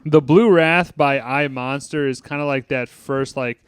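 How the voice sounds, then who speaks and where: A man's voice: medium pitch, unhurried, smooth. A man co-hosting a casual movie review podcast, quoting lines in mock British voices and swearing casually. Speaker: podcast co-host.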